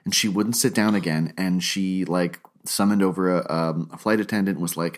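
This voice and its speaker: A man's voice: deep voice, normal speed, hardly any pauses. A man co-hosting a podcast, chatting casually and acting out quotes with a raised voice as he tells stories. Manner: animated storyteller, acts out quotes in raised voice. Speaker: podcast co-host. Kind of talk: casual chat.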